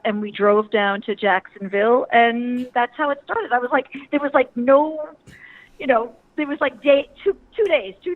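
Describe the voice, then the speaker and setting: An older woman, a retired teacher, chatting warmly and emotionally as an interview guest, laughing often. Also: a little high, no room sound. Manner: chatty, giggly, emotional and effusive. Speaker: interview guest, wrestler's mother. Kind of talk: casual interview chat. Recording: tinny phone-like line, dry.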